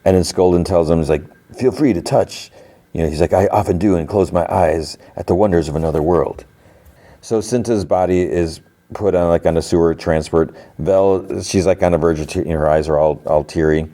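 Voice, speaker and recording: A man's voice: sits low, steady tone, fairly quick, dark tone. A man hosting a podcast, casually recapping a TV episode in a rambling way, full of "like" and acted-out quotes. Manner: rambling, filler-heavy retelling with quoted lines. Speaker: podcast host.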